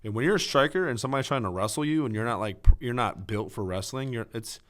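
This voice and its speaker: A man co-hosting a podcast, recapping fights in a relaxed, casual way and talking in long runs. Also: medium pitch, fast talker. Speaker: podcast co-host. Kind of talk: casual chat.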